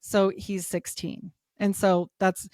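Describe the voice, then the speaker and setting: A woman in her forties telling a personal story as a podcast guest, animated, laughing often and filling her talk with "like". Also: medium pitch, slow pace, dry recording, studio quality. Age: 40s. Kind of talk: casual storytelling.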